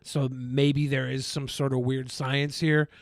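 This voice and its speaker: A man co-hosting a casual podcast, reading facts and telling deadpan jokes, with frequent fillers. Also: mid-range voice, measured pace. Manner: dry, mock-scholarly jokes with many fillers.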